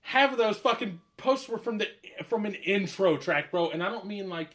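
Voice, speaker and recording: A man hosting a podcast in casual chat, animated, laughing often and swearing, with lots of filler words. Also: sits high, normal speed. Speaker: podcast host.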